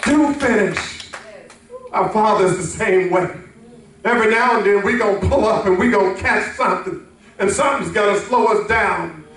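High-voiced preacher in an echoey hall. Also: male voice, normal speed, a bit bright, soft background music. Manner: preaching with call-and-response to the congregation. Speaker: pastor. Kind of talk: sermon. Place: church sanctuary. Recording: echoey hall, mic from a distance.

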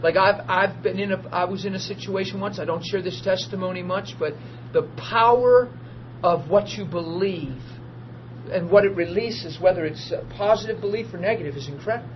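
A man preaching to a small group, telling testimony stories in a lively, informal way and acting out the people in them. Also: high voice, normal speed. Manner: animated, acts out quoted voices, laughs often. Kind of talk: informal sermon storytelling. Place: small group meeting room. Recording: dull lo-fi archive recording with faint hiss.

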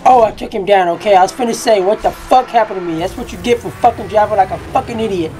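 A young woman talks through a racing game in a hushed voice from a dorm room. She swears constantly and bursts out in excitable yelps as the race swings. Faint engine noise from the game hums underneath her. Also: medium pitch, fast. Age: young adult. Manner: profane, excitable outbursts; talking quietly. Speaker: gaming YouTuber. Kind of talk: gameplay commentary.

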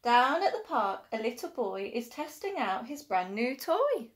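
Unhurried and high-leaning, an infant school teacher's voice carries a picture book reading for young children. She's animated, often gasping and quizzing the children as she goes.

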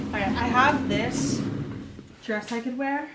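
A woman's voice: on the high side, expressive, measured pace, echoey room, distant mic, heavy background noise. A young woman in her twenties vlogging at home in a playful, joking, dramatic way. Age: 20s. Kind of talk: casual chat. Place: home room.

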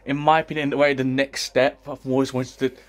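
A man, out of breath and excited, rambling through a casual vlog announcement as a YouTuber. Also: mid-range voice, fairly quick. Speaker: YouTuber and podcast host.

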